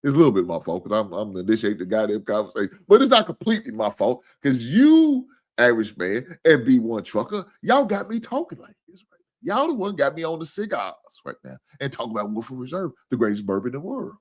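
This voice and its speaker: A man's voice: mid-range voice, big pitch swings, fast. Profane, rambling man. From Kentucky. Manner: rambling, profane, laughing and joking with chat. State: tired. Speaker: sports talk host. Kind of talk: casual sports talk stream.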